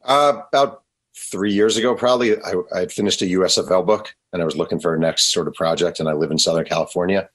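A man being interviewed as an author, telling lively anecdotes and acting out quotes. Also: deep voice, quick pace, breathy edge. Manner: animated anecdotes, acts out quotes. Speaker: author guest. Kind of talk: storytelling interview.

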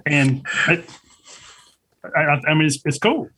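A man co-hosting a podcast talks in a casual, earnest way and stumbles over his opening words. His voice is a bit husky and sits somewhat high for a man. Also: animated, measured pace, pushed and bright. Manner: earnest, stammering. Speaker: podcast co-host.

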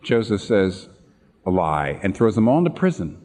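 A man preaching a sermon, retelling a Bible story with animated storytelling and acted-out lines. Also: fairly low pitch, a little fast. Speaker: pastor. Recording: reverberant hall.

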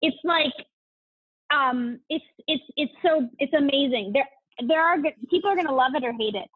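High-pitched enthusiastic woman on a tinny line. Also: normal speed, no room sound. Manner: enthusiastic, gushing, laughs often. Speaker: podcast guest. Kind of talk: casual interview chat.

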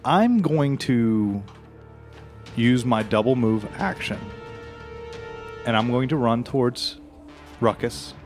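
Brief: male tabletop player, mid pitch, halting, faint music behind. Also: animated, a little mellow. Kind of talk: casual tabletop play.

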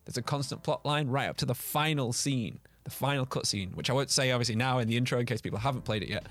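Guy cohosting a game podcast, rambling and excited, mid-pitched voice. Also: quick pace. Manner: enthusiastic, rambling, with frequent restarts. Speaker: podcast co-host. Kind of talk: casual chat.

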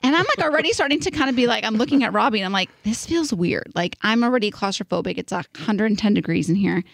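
A young woman co-hosting a podcast, telling a story in an animated, casual way with lots of "like". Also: medium pitch, fast, gravelly, no echo, clean studio sound. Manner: animated, filler-heavy storytelling with "like". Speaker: podcast co-host.

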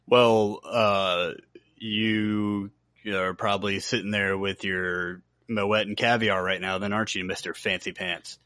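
A man in his thirties with a fairly low voice, recorded close and dry. He co-hosts a casual podcast, teasing his friends in a mock-indignant way. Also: level tone, slow, sharp tone, no echo. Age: 30s. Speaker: podcast co-host. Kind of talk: casual chat.

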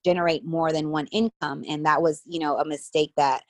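A woman's voice: deep voice, steady tone, moderate pace, dry recording. A woman in her thirties with an American accent, chatting casually as an interview guest, full of fillers. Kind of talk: casual conversation.

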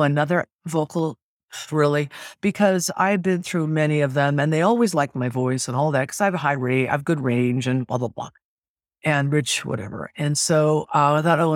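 Middle-aged singer as interview guest; rambling and lively, mid-range voice, dry close recording. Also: medium pitch, no echo. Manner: rambling and animated, with frequent restarts. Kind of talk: candid conversational storytelling.

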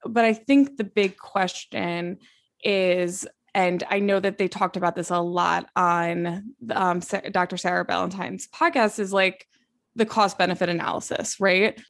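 A woman's voice: lowish voice, steady tone, a little slow, vocal fry, no echo. A young adult woman co-hosting a podcast in casual conversation, restarting phrases as she thinks aloud and stressing key words. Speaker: podcast co-host.

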